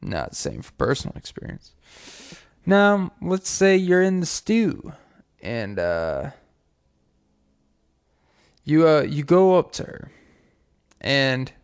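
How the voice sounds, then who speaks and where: A man hosting a podcast who tells comic scenarios in a rambling, profane way, with pauses and "um"s. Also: a little high, clear, resonant tone. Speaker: podcast host. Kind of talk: comic storytelling.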